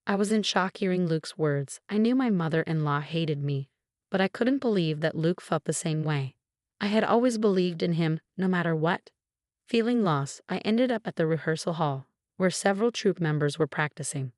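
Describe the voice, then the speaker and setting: A woman reading a scripted first-person story in an even, steady way. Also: fairly low pitch, normal speed, no room sound, clean studio sound. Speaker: story narrator.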